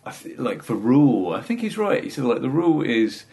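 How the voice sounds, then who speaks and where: A man's voice: medium pitch, very animated, fairly quick, creaky, mellow. A man, a stand-up comedian chatting casually, rambling, cutting himself off mid-sentence and laughing through his stories. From England. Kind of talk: casual chat.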